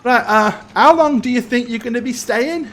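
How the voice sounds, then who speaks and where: A man's voice: extremely high pitch, normal speed, a little hiss or hum, pitched above the performer's own voice. A man voicing an eager young stable boy who chats hesitantly about customs and tips. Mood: eager helpful. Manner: chatty, hesitant, fussing over customs.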